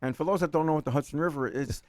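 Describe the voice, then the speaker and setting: Fast-talking New York man in his sixties. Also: a little high, no echo. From New York City. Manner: rambling, laughs often, repeats words. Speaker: guest. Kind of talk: casual chat.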